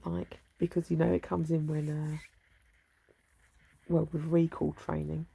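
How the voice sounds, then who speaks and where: A woman's voice: deep voice, flat delivery, unhurried, creaky, warm tone, slightly rough. A woman rambling casually to herself in a vlog, muttering and trailing off. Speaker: vlogger.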